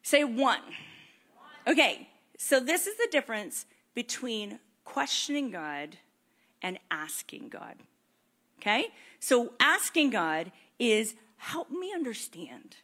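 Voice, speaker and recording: A woman preaching a sermon, animated and conversational, acting out prayers and questions to God. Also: a little high, takes it slowly. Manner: animated, acts out prayers and voices in quotes.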